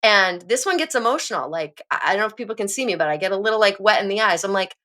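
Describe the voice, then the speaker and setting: A woman co-hosting a podcast, telling a personal story in a candid, animated way and swearing now and then. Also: medium pitch, fast talker, few pauses. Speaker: podcast co-host. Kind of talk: casual chat, personal storytelling.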